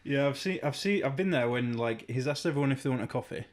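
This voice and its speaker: A man co-hosting a podcast in casual chat, laughing often and throwing in quick jokes. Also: medium pitch, expressive. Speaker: podcast co-host.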